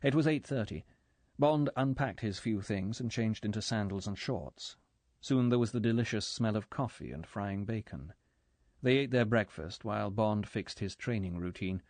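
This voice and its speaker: A man reading an audiobook in measured, even scripted narration. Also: lowish voice, dry recording.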